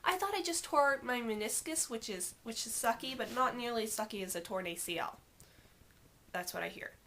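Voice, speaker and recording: A teenage girl telling a vlog story in an animated, sarcastic and exasperated way. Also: a little high, moderate pace, a little hiss or hum. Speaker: vlogger.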